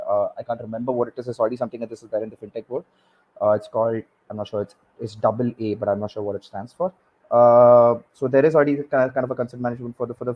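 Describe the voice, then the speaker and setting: A man, speaking as a guest expert on a panel, halting and repeating words with many fillers. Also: medium pitch, husky, dull audio. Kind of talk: panel discussion.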